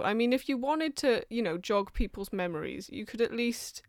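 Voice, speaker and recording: A woman's voice: on the high side, expressive, normal speed, hardly any pauses, dry recording. A woman from London with a mixed Welsh and English accent, co-hosting a podcast in dry, blunt banter. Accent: mix of Welsh and English. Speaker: podcast co-host.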